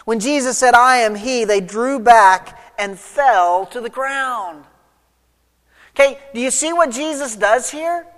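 A man's voice: extremely high pitch, slow pace, a bit bright, big-room sound. A man preaching an expository sermon, retelling the story vividly and putting rhetorical questions to his listeners. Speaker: pastor.

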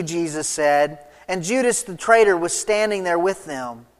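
With an unhurried pace and a voice on the high side, a man preaches an expository sermon as pastor, bringing the story to life and asking his audience rhetorical questions. The sound has a big-room quality.

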